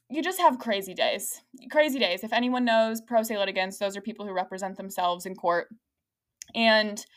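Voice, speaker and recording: A young adult woman hosting a podcast, telling a story in a lively, rambling way with lots of fillers and frequent laughter. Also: medium pitch. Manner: laughs often while talking. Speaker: podcast host. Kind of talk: casual podcast chat.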